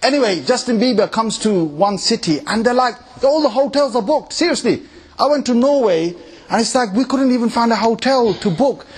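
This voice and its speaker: A man giving a lecture at a mosque, talking animatedly and checking in with his listeners with quick questions. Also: very high-pitched, slightly rough. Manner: animated, acts out quoted voices and laughs often. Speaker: Islamic lecturer.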